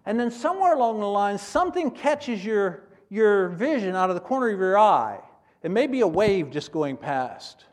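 A middle-aged man preaching a missionary sermon, his fairly high voice swinging widely in pitch. He acts out prayers and climbs into loud, emphatic exclaims. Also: very animated, moderate pace. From United States.

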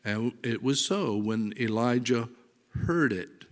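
A man preaching a sermon, reading scripture aloud with deliberate emphasis, swelling loud on verses and dropping soft and low. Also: animated. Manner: slow, deliberate delivery, rising loud on verses and dropping to near-whisper.

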